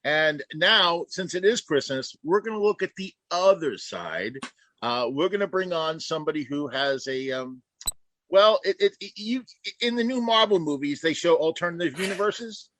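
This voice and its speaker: Bright, upbeat man hosting a roast. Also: on the high side, animated, normal speed. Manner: upbeat, showman-like. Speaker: roast host. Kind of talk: emcee introductions.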